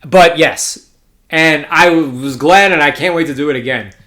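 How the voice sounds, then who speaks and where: A man's voice: fairly high pitch, a little slow, pushed and bright. A young adult man hosting a casual solo podcast, telling a story in a sardonic, profane, rambling way and correcting himself as he goes. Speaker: poker podcast host.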